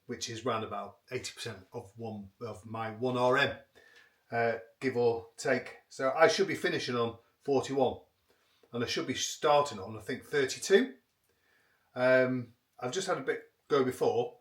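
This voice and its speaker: A man's voice: medium pitch, a bit bright, dry recording. Bloke in his 50s rambling on to the camera, casual and self-deprecating. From United Kingdom. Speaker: vlogger.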